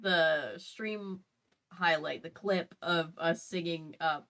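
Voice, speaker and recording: A woman's voice: lowish voice, slow. A woman who grew up in the American South, co-hosting a casual streamed chat and retelling stories with laughter. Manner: chatty, laughing, animated retelling. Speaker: co-host. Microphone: home desk setup.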